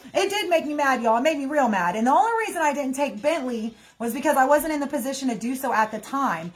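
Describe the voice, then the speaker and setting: Young woman venting to her stream, kinda high voice, rambling and fed up, bit of music behind. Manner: indignant, rambling, addresses viewers as y'all. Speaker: livestream host. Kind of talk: candid casual monologue.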